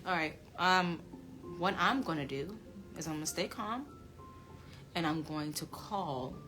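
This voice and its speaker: A woman hosting her show and telling a personal story in a casual, emphatic rant, repeating herself, swearing freely and acting out both sides of the conversations. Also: low voice. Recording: music playing underneath the voice.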